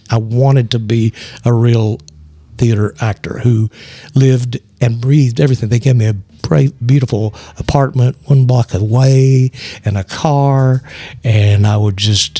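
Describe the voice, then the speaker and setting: A man's voice: mid-range voice, no room sound. Texan guy telling a story, stammers and restarts a lot, does little voices for people he quotes, dry close mic. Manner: animated, acts out quoted voices. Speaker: guest actor. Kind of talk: casual storytelling.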